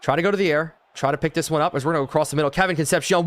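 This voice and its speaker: A young man live-streaming a football video game, calling plays and thanking chat, excitable and loud on big plays. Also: fairly high pitch, very fast.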